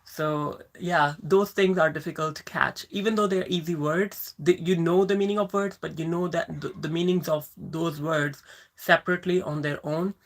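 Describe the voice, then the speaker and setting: A woman's voice: on the low side, fairly even intonation, moderate pace. Chatty woman hosting a live Q&A. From moved to the UK from abroad. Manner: chatty, rambling, reads out viewer comments and greets them by name. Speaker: livestream host answering viewer questions. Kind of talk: casual live Q&A chat.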